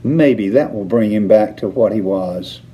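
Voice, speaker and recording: A man's voice: on the low side, animated, unhurried, lo-fi sound. A man voicing an eccentric, cheerful candy-maker with a breezy, whimsical manner in a storybook reading.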